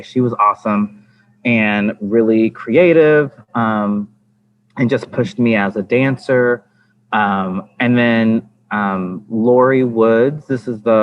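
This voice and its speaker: A man and dance teacher on a podcast chatting casually, rambling with lots of fillers and restarts. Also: fairly low pitch. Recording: slightly dull lo-fi with faint ambience.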